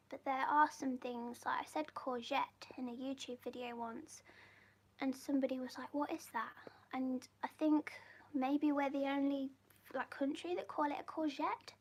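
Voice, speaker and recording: High-voiced British woman whispering chat. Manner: chatty, rambling and giggly. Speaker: livestream host reading viewer comments. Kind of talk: soft-spoken live chat, often whispered.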